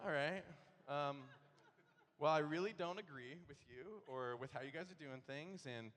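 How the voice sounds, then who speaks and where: A man preaching a sermon as pastor, telling a personal story in a conversational way and sometimes acting out frustration loudly. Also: fairly high pitch, moderate pace. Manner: conversational storytelling, bursts into animated acted-out outrage. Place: church sanctuary. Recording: long hall reverb in a church.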